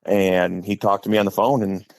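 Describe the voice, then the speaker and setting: Gravelly Midwestern man spinning a yarn. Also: sits low, flat delivery, normal speed, darkish tone, no echo. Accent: Upper Midwest. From Wisconsin. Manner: chatty, rambling storyteller. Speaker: guest, high school head football coach. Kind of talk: casual podcast storytelling.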